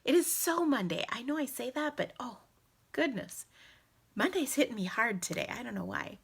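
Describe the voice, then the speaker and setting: A woman in her forties hosting a casual crafting live stream from home, bubbly and chatty and quick to laugh, talking into her phone camera. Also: on the high side, sing-song, gravelly, husky. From United States. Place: at home indoors. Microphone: phone camera in selfie mode.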